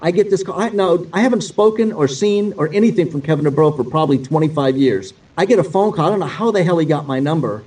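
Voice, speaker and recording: A male guest guitarist telling stories in a casual, animated, profane way, acting out the dialogue he quotes. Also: a little high, quick pace, few pauses, recorded from a distance, rough recording. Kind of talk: casual storytelling.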